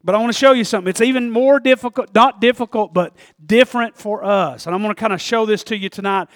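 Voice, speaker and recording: A man preaching a sermon, joking and laughing at himself, then building up to shouted climaxes. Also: high-pitched, fast, dry recording, studio quality. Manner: jokey, self-deprecating, builds to shouting. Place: church.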